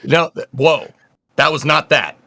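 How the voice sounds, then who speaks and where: Upbeat male stream host, bright tone, loose chatty delivery. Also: on the high side, measured pace, vocal fry, dry recording, clean studio sound. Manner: upbeat, chatty, reading out viewer messages. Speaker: livestream host. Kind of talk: casual livestream commentary.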